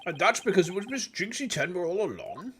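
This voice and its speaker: Streamer reading an earnest, questioning young defense attorney in a plain, bright voice. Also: medium pitch, expressive, brisk, a little hiss or hum.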